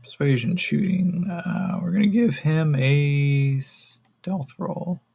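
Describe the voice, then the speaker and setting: Husky man thinking aloud over a solo game. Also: fairly high pitch, slow. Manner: thinking aloud, relaxed, many fillers, swearing. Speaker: solo game master and player. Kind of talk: solo tabletop role-playing stream.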